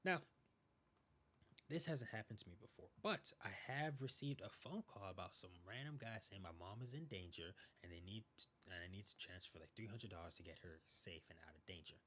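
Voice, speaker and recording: Low-voiced, rambling young podcast host. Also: male voice, brisk. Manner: animated, rambling, acts out quotes. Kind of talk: casual monologue.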